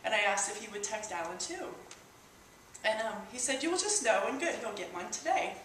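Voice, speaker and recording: A woman sharing a personal testimony at church, in a halting, emotional way with many restarts. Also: medium pitch, expressive, fairly bright tone. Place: church hall. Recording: echoey hall, distant mic, faint hiss.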